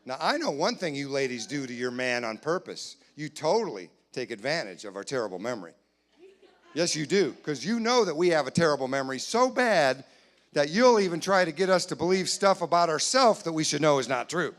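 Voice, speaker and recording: A man doing a stand-up comedy set in a church, playfully acting out both sides of conversations with loud put-on voices. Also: fairly high pitch, animated, fairly quick. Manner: playful, jumps to loud acted voices for his wife and himself. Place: church sanctuary, live audience.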